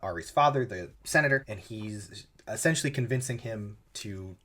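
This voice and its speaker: A man with a very low voice, chatting casually as he walks through a film's plot. He slips in offhand quoted lines as he goes. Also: animated, normal speed, bright, forceful tone. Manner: retells scenes with loose, offhand voiced quotes. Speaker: podcast co-host. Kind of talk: casual movie recap chat.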